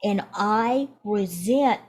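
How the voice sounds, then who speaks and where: A woman's voice: mid-range voice, very slow, darkish tone. A woman voicing a defensive, rambling old male ancestor spirit in a tabletop game.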